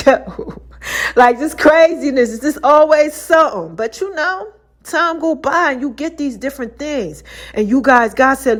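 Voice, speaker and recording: A woman's voice: a little high, moderate pace. A woman hosting her own podcast, telling personal stories in a loose, chatty way, laughing often and acting out other people's lines. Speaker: podcast host. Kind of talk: casual storytelling monologue.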